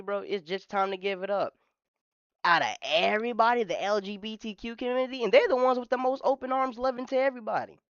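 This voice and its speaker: A woman streamer reacting live, addressing her chat in heavy slang and dropping her voice low for emphasis. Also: no room sound, lo-fi sound.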